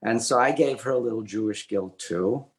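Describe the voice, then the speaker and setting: An older man, an author and illustrator, telling a personal story as an interview guest in a halting way with many fillers and restarts. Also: on the low side. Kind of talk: conversational storytelling. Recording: roomy echoey audio.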